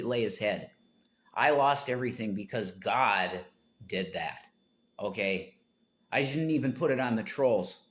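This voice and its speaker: A man's voice: fairly low pitch, fairly bright tone. A man talking to viewers on his livestream in a rambling, tangent-prone way, breaking into emphatic outbursts.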